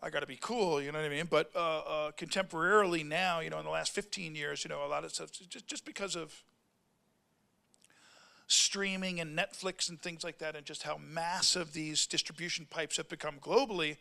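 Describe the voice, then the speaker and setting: A man's voice: a little high, steady tone, a little fast, vocal fry, pushed and bright. A middle-aged male actor telling a rambling story at a convention panel, stopping and restarting his sentences and acting out what others said. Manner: rambling, self-interrupting storyteller who acts out quotes.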